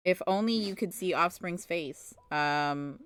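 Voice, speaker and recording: A woman's voice: on the low side, unhurried, fairly bright tone. A woman at home, chatting on a live stream with exasperated, playful storytelling and teasing. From Canada. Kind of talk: casual live-stream chat.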